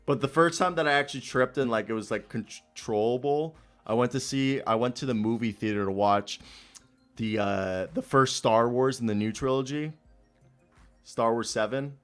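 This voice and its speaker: A man's voice: mid-range voice, normal speed, fairly bright tone, faint music behind. A young man from Minnesota talks casually as co-host. His stories ramble and run loose, with plenty of swearing. The talk stays loose and unscripted. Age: young adult. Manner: rambling, profane storytelling. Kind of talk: casual chat.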